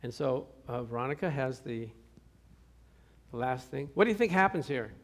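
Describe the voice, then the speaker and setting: A man leading an informal Bible study as pastor, animated and acting out the people in his stories. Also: medium pitch, normal speed. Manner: animated, acts out quotes with shifting voices.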